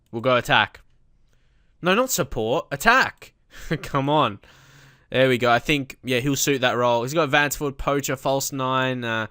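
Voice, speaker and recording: A young man commentating his own football management game, casual and prone to loud outbursts. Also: medium pitch, clean tone, dry recording, clean studio sound. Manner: excitable, shouts at big moments. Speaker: gaming YouTuber. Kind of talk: let's play commentary.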